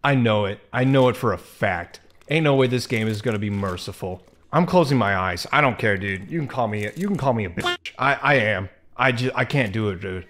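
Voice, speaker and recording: A man's voice: mid-range voice, lively intonation, normal speed, fairly bright tone. A young man talks through a video game in casual let's-play style. He is jumpy and squeamish, often groaning, muttering and swearing at the screen. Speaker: gaming video creator.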